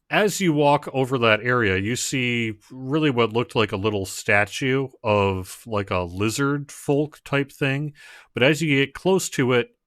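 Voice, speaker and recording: A man narrating as game master of an online tabletop game, in a relaxed, halting way. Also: medium pitch, no echo, clean studio sound. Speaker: dungeon master.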